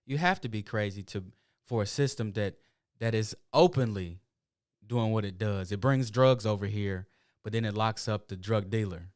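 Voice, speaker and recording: A man's voice: lowish voice, moderate pace, darkish tone, no room sound, clean studio sound. A middle-aged man, hosting his show in a casual, rambling monologue full of emphatic asides. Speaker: show host.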